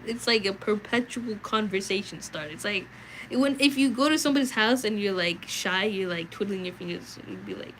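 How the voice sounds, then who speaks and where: A young adult woman streaming a read-aloud, chatting casually with viewers in an animated, filler-heavy way. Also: mid-range voice, fairly quick, a little hiss or hum, low-quality recording.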